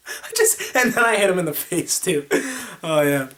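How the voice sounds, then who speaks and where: Man rambling through an animated story. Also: high voice, normal speed, slight background noise. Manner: animated, rambling, with sound effects. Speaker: vlogger. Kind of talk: casual storytelling to camera.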